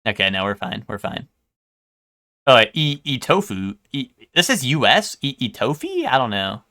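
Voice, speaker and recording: Bright-voiced streamer man chatting. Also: mid-range voice, sing-song, normal speed. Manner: chatty, hesitant, stumbles over foreign words. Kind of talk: casual live-stream chat.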